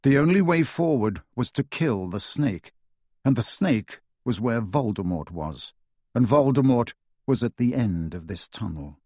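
A man's voice: mid-range voice, expressive, unhurried, mellow, dry recording, studio quality. A man narrating an audiobook dramatically, with varied pacing.

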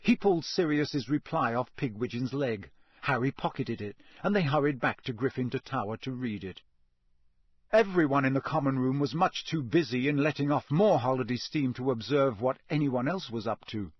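A man reading a storybook aloud as an audiobook narrator, in a steady, even storytelling manner. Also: mid-range voice, normal speed, breathy edge, no echo. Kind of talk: scripted narration.

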